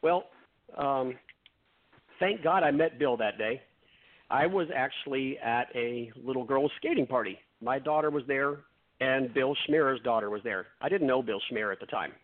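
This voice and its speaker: A man's voice: mid-range voice, moderate pace. A man guest on a radio show, telling a long story and acting out the dialogue, with frequent restarts. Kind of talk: storytelling in conversation. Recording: phone-like narrow sound.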